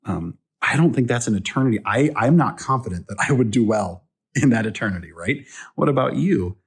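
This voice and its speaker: A man's voice: mid-range voice, lively intonation, a little fast, slightly rough. A male pastor giving a casual devotional talk from home, speaking conversationally and putting questions to the viewer. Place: at home indoors.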